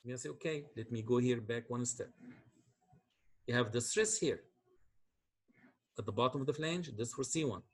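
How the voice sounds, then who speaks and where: A man with a husky mid-range voice lectures on engineering at a university, speaking at a moderate pace with long pauses. He goes through calculations step by step and keeps checking that the class is following.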